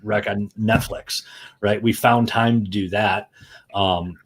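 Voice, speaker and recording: A man's voice: on the low side, steady tone, slow. A man hosting a casual livestream chat, joking and often repeating words as he restarts. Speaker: show host.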